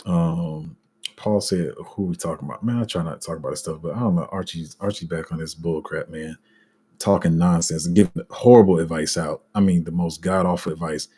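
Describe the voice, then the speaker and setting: A man's voice: low voice, steady tone, fairly quick, warm tone, slightly rough. A man hosting a crypto livestream, talking frankly and with exasperation in heavy slang, with many restarts. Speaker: crypto YouTuber reading live comments. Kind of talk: casual livestream rant.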